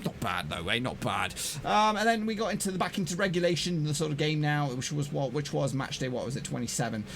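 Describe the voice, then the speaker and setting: Gravelly-voiced guy, bit high, rambling jokey football chat, faint hiss behind. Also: quick pace. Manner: energetic, jokey, rambling with fillers. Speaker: football prediction channel host. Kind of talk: casual chat to camera.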